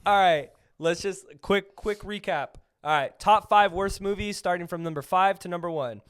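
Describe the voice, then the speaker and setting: A young man with a high-pitched voice co-hosts a casual podcast about movies. He talks in an animated way, laughs often and acts out lines. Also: normal speed, clear, resonant tone. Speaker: podcast co-host. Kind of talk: casual movie review chat.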